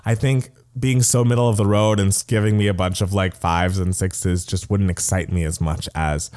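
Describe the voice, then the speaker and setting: A young man co-hosting a podcast in casual chat, expressive and playful. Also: low voice. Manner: expressive, quick to agree, playful. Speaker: podcast co-host.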